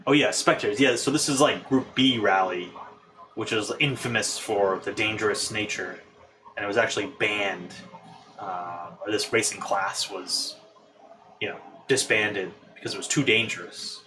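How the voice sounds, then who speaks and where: A man's voice: fairly low pitch, a little slow, music in the background, rough recording. A man from the United States casually chatting with his live-stream viewers while building a model in his apartment, wandering off mid-thought. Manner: relaxed, rambling, talks to chat while working. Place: hot apartment.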